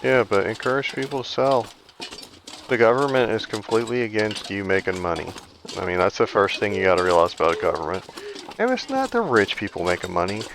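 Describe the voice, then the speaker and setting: A man's voice: on the low side, lively intonation, fairly quick, a bit bright, a little hiss or hum, low-quality recording. A man giving casual, rambling commentary while playing a survival game, ranting with frequent restarts. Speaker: gaming video creator.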